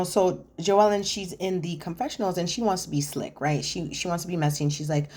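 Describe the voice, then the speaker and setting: Woman, low voice, sassy, chatty, casual recap commentary, addresses viewer directly. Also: fairly even intonation, brisk, few pauses, darkish tone, husky. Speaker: reality TV recap host.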